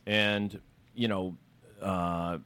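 A man's voice: sits low, level tone, drawn-out words, sharp tone, smooth, no echo. A man hosting a casual chat, telling rambling stories with restarts and laughter. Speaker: podcast host.

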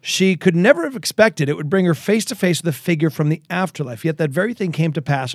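A man with a slightly high voice hosts a podcast, chatting casually and reading listener posts aloud with a joking edge. The sound is dry and close, with no room around it. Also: expressive, fast, dry recording. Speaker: podcast host.

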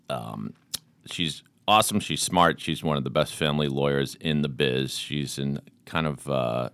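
A man's voice: very deep voice, fairly bright tone, clear, resonant tone, no room sound. A man with a Boston accent hosting a podcast in casual, joking chat, rambling and swearing freely. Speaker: podcast host.

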